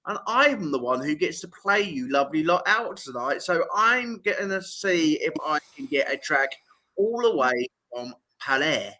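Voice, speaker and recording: A man co-hosts a live music show with a very bright, ringing voice that sits slightly high. He keeps the chat playful and cheeky as he banters with his co-host. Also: expressive, moderate pace.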